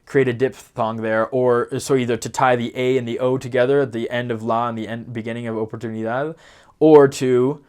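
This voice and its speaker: A man's voice: medium pitch, steady tone, a little fast, darkish tone, clean tone. A young man, a returned missionary giving a casual spoken lesson, rambling a little with fillers and self-corrections. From United States. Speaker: returned missionary teaching pronunciation.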